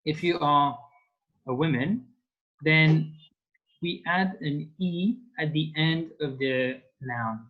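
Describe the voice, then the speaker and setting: Over dull, lo-fi call audio, a Frenchman with a higher-pitched voice gives an online language lesson, taking things slowly. He explains patiently in his French accent, using lots of fillers.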